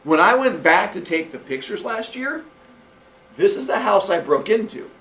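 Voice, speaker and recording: Animated man telling a funny story. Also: normal speed, recorded from a distance, a little hiss or hum. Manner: animated, laughing often, acting out quotes in a high voice. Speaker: podcast host. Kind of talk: casual personal storytelling.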